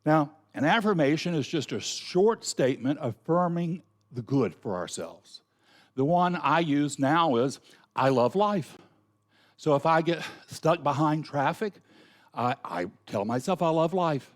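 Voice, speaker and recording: A man's voice: fairly high pitch, animated, measured pace. A middle-aged man with a Southern US accent giving an earnest, folksy, conversational sermon with asides. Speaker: minister.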